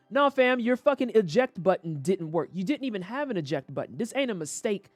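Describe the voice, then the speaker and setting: Brief: woman game streamer, lively swooping pitch, dry close sound, profane rants. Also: fairly quick, hardly any pauses, no echo, soft background music. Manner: animated, profane ranting with quoted voices. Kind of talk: casual livestream commentary.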